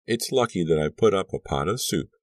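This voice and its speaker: A man voicing a frail, elderly grandmother in an audiobook, speaking softly and coaxingly. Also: low-pitched, lively intonation, a little fast, no room sound, voice pushed up. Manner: soft, coaxing. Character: frail elderly grandmother, gentle but evasive. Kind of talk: audiobook character voice.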